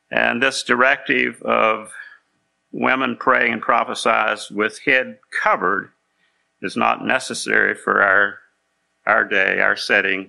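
Delivering a conversational sermon, this male pastor has a medium-pitched voice that's heavily gravelly and rough, with a tense, sharp edge. His explanations are patient and chatty, broken by occasional pauses to check that the congregation keeps up.

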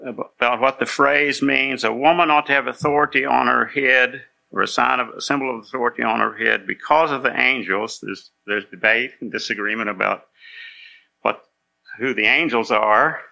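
The voice here belongs to a male pastor: medium in pitch, rough and heavily gravelly, tinged with tension and sharpness. In a conversational sermon he lays out his points with patience, pausing at times to ensure listeners are following along.

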